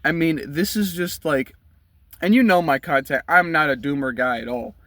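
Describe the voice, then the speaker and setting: A man's voice: fairly high pitch, normal speed, a bit bright, dry recording. Profane ranting young man. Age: 20s. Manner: blunt, profane, heated rant. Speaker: vlogger. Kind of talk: ranting commentary. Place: inside his car.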